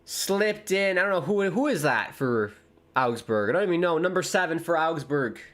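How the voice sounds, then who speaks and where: A man chatting casually on a live football watchalong stream, rambling between excited reactions to the match. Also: a little high, normal speed.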